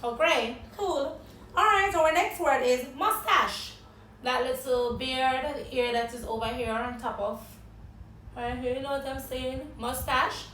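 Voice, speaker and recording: A woman's voice: high-pitched, steady tone, a little slow, fairly bright tone, echoey room, distant mic, slight background noise, rough recording. A woman with a Jamaican accent teaching an English vocabulary lesson, spelling words letter by letter and quizzing a guest.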